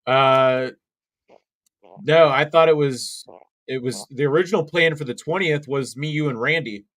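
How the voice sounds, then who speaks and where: A man's voice: mid-range voice, a little slow, fairly bright tone. A young man co-hosting a wrestling watch-along stream, rambling through live commentary with many fillers and restarts.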